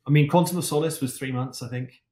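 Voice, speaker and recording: A man's voice: mid-range voice, quick pace, warm tone. Easygoing guy rambling through stories, restarts a lot, echoey room sound. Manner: chatty storyteller with frequent restarts and fillers. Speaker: guest stunt and racing driver. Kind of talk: casual anecdotal podcast talk.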